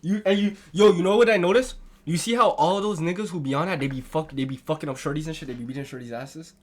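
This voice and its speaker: A man reacting to a video on stream, chatting casually, excitable and swearing a lot. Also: a little high, fast talker.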